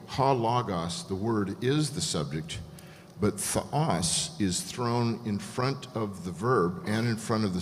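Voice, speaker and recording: A man calmly explaining Greek grammar point by point as a guest scholar. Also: lowish voice, a little hiss or hum. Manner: measured, methodical explanation. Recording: echoey hall, faint ambience.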